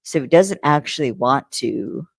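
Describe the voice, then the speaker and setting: Deep-voiced and a little slow, a young podcast co-host retells a TV episode with lively intonation, rambling and chatting with plenty of fillers. The audio is poor, though there's no echo.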